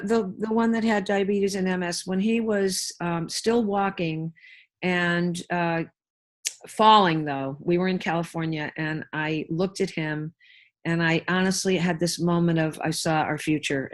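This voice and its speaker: Older woman, interview guest, lower pitch, lively storyteller. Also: unhurried. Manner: warm storyteller acting out quoted voices. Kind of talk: interview conversation.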